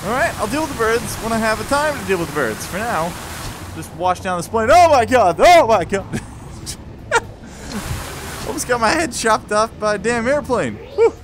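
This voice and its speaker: Excitable man narrating VR gameplay. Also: high-pitched, brisk, noisy background. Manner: excitable, laughing, talks to the game. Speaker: gameplay streamer.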